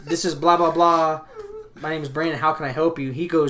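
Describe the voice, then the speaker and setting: A man hosting a podcast, telling a long, profane and animated story in a casual chat. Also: fairly high pitch, fairly quick. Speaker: podcast host.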